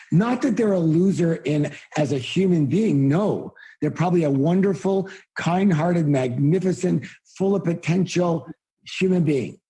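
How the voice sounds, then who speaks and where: A man giving a live motivational seminar talk, blunt and emphatic, firing rhetorical questions at the audience and often bursting into loud exclamations. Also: a little high, slightly rough.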